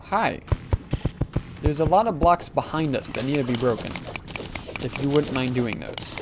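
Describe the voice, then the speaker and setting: A man's voice: medium pitch, lively intonation, moderate pace, gravelly, pauses often, over music. Sarcastic, rambling male game streamer. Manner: joking, sarcastic, rambling with many fillers. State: sleepy, yawning. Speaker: gaming livestreamer. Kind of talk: casual livestream commentary.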